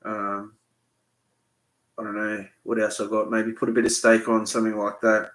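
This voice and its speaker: Aussie bloke on a live q&a, rambly and sweary, sharp bright voice, echoey room. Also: male voice, lowish voice, monotone, moderate pace. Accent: Australian. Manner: rambling, swearing, blunt storytelling. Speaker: fishing channel host. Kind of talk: live Q&A chat.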